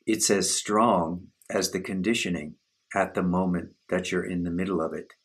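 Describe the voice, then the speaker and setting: A man giving a slow, measured, contemplative spiritual talk as a teacher leading a satsang on self-inquiry. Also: low-pitched, fairly even intonation, breathy edge.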